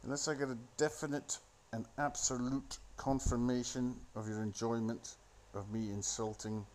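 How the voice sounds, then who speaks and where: A man's voice: medium pitch, little pitch movement, normal speed, darkish tone, slight background noise. Sardonic man mocking a movie. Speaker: solo commentator. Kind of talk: rambling movie commentary. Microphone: phone.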